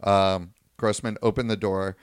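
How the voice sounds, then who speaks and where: A man's voice: on the low side, level tone, a little slow, smooth, dry recording, clean studio sound. A man co-hosting a podcast, recounting a news story at length in casual talk and paraphrasing what people said. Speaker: podcast co-host.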